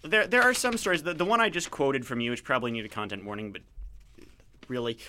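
A man's voice: mid-range voice, quick pace, pushed and bright, a little hiss or hum. Jokey, rambling male radio host. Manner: rambling, jokey, self-mocking. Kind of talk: casual chat and book reviews.

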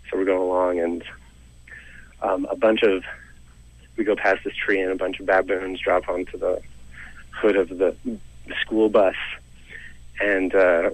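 A man's voice: low voice, no echo, rough recording. A young man, a comedian, chatting as a guest and telling a funny story in a self-mocking way, laughing between lines. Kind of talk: casual storytelling interview.

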